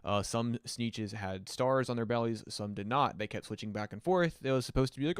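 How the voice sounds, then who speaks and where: A man hosting a livestream, reviewing music submissions in a loose, rambling way, swearing often and filling pauses with ums and uhs. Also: lowish voice, smooth, no echo, studio quality. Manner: loose, rambling and profane, many fillers. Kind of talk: casual livestream commentary.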